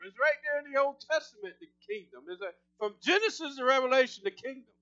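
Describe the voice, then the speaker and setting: A man preaching a sermon, fervent and emphatic, his voice climbing higher as he gets excited. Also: fast talker, dry recording, dull audio.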